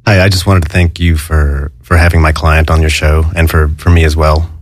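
A very low-voiced man speaking as a guest's manager in a comedic interview. He is hesitant and polite and keeps stammering as he answers. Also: flat delivery, brisk, dry recording.

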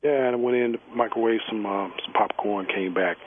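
A man's voice: on the low side, fairly even intonation, fairly quick, narrow, tinny audio, a little hiss or hum. A man in his thirties calling into a radio show, flirty and brash. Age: 30s. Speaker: radio caller.

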